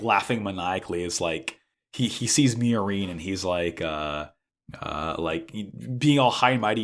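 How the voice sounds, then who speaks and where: A man casually recapping an anime episode as podcast co-host, animated and swearing freely. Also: fairly low pitch. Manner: animated, swears freely, acts out characters' lines in quick bursts.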